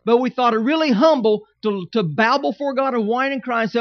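A man's voice: very high-pitched, brisk, few pauses, no echo, muffled recording. A man preaching a sermon with emphatic, repetitive phrasing and humorous asides. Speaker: pastor.

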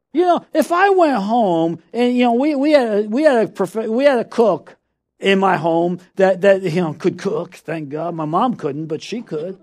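A man's voice: high voice, expressive, normal speed, darkish tone. A middle-aged man preaching a sermon, telling a story with frequent laughter and repeated calls of "come on".

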